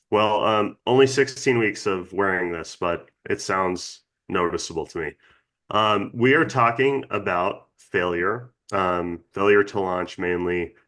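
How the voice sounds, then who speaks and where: A man co-hosting a casual podcast, talking with a slight impediment from a dental retainer, relaxed and full of fillers. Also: deep voice. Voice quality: slight retainer-affected speech. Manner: relaxed, filler-heavy, easygoing. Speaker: podcast co-host.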